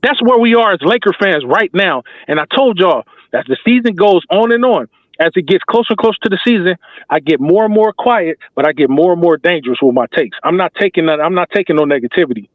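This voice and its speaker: A man's voice: high voice, lively intonation, fast talker, no room sound. A man giving passionate, slangy basketball fan commentary as a talk show host, emphatic and repetitive like a preacher. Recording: tinny phone-like dry sound.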